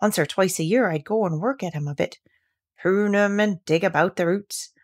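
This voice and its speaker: A woman voicing a grumpy old gardener with a gruff, grumbling manner. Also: lowish voice, moderate pace, lightly acted.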